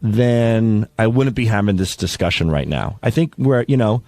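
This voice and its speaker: A man's voice: on the low side, normal speed, a little mellow, no echo. A man in casual radio chat who talks in a rueful way and laughs things off. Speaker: radio show staffer.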